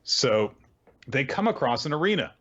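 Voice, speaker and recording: A man's voice: medium pitch, very animated, normal speed, fairly bright tone, slightly rough, muffled recording. A man hosting a podcast, casually recapping manga chapters in a rambling, wry way with lots of fillers. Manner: rambling summary full of "uh" and "like," wry asides. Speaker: podcast host.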